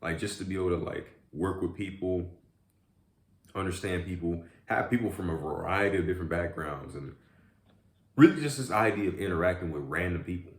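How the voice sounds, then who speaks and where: A man with a very deep, low voice chats casually as he eats, rambling through a story with lots of filler words. The room around him is echoey. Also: a little fast. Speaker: vlogger. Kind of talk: casual chat while eating.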